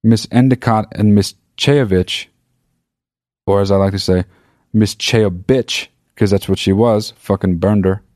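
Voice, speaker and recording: This adult man's lowish, mellow voice keeps a fairly even intonation at a normal speed, captured dry and at studio quality. Telling a funny story as a rambling monologue, he curses liberally, pokes fun at himself, and keeps interrupting himself with sarcastic corrections.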